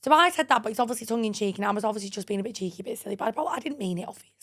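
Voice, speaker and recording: Woman, twenties, podcast co-host, rapid casual storytelling with a slightly high voice. She peppers every line with "like" and acts out the quotes. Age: 20s. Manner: animated, full of "like", acts out quoted dialogue.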